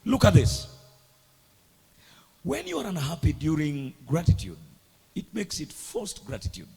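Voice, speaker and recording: Raspy preacher in a ringing hall. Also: male voice, on the high side, huge pitch swings, measured pace. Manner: dramatic, swings between hushed and loud lines. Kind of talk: sermon. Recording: echoey hall with long reverb.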